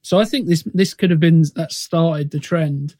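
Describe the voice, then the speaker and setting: A man with a fairly high but mellow voice, co-hosting a casual film podcast. He speaks in a measured, hesitant way and often restarts his sentences. The sound is dry and close. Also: no room sound. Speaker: podcast co-host.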